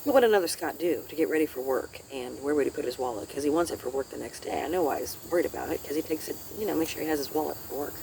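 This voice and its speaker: A woman's voice: deep voice, lively intonation, racing, hardly any pauses, darkish tone, slight background noise. Middle-aged woman rambling thru a story to her followers, swears a lot, keeps cutting herself off. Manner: chatty, swears freely, self-interrupting. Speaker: vlogger. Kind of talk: rambling casual storytelling to camera.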